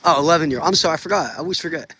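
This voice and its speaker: A man's voice: on the high side, racing, bright, forceful tone, slight background noise. A man casually talking to the camera in a family vlog, upbeat and chatty, recorded outdoors in the snow. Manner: upbeat, chatty, laughs often. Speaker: family vlogger. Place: outdoors in snowy yard.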